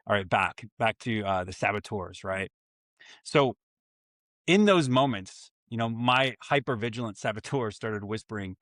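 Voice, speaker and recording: In his forties, this man hosts a solo podcast for fathers about parenting, sounding earnest and reflective and tossing in self-mocking asides. His voice is lowish and a bit bright, captured in studio quality with no echo.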